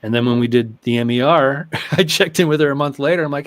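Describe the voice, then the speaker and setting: A man, a guest therapist, telling stories about clients in an animated way and acting out their voices. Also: fairly high pitch, a little fast, hardly any pauses. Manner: animated, acts out quoted clients with laughs. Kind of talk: conversational storytelling.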